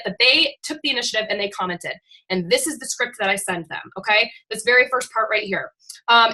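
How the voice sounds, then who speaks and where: A woman with a bright, forceful voice pitched a little high leads her team through a call. She is blunt and chatty, with some casual swearing. The sound comes through a video call. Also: poor audio. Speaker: fitness team coach.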